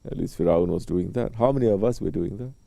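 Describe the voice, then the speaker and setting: A male religious teacher delivering a sermon, telling stories and briefly acting out the people in them, with pauses and soft fillers. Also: sits low, creaky, no echo. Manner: storytelling, acting out short exchanges between people.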